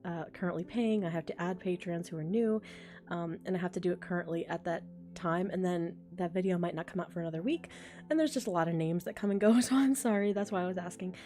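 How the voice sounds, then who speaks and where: A young woman talks casually on a live stream from home, reading comments and thinking out loud. Her voice is mellow and relaxed, often broken up by small laughs. Faint music plays behind her. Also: on the low side, quick pace. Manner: chatty and rambling, laughs often, thinks aloud. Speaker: ASMR voice creator streaming live. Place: home, a train passing outside.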